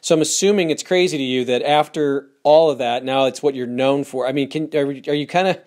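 A man hosting a casual chat, feeling his way through questions and restarting often. His voice sits at an ordinary male pitch, easygoing and unpolished. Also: a little mellow. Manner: halting questions with many restarts. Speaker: interview host.

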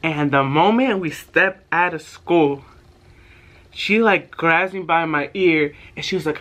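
Young man, casual storyteller, bright forceful voice, animated and profane. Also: a little high, measured pace. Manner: animated, profane, acts out quotes. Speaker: vlogger.

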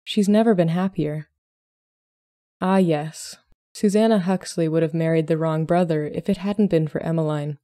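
A woman podcast host narrating a short story in a calm, measured way. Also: low voice, no echo, studio quality. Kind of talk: scripted narration.

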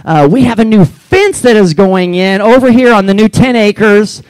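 A man's voice: high-pitched, lively intonation, moderate pace, darkish tone, clean tone, no echo, poor audio. A male pastor giving playful, teasing church announcements to his congregation.

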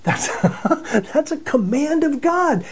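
A man's voice: very high-pitched, big pitch swings, slow. A man giving a Bible teaching in a chatty storytelling way, often chuckling and repeating words as he restarts. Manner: conversational storytelling with frequent chuckles. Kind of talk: sermon teaching.

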